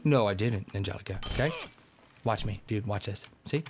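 A young man commentating a game, joking around and yelling when things go wrong. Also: lowish voice, normal speed, a little hiss or hum. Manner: joking, excitable, yells at the game. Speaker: gameplay commentator. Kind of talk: let's-play commentary.

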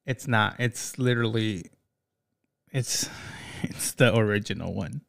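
A man's voice: on the low side, unhurried, creaky, slight background noise. A man hosting a reaction commentary, chatting casually with rhetorical questions and laughing asides. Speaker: commentary host.

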